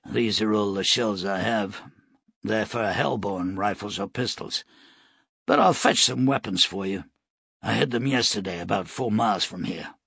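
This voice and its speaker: A man's voice: fairly low pitch, normal speed, gravelly, husky, no echo, studio quality, full character voice. A man doing a laconic frontier gunman. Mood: matter-of-fact. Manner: quiet, matter-of-fact, clipped. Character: laconic, hard-bitten male frontier gunman.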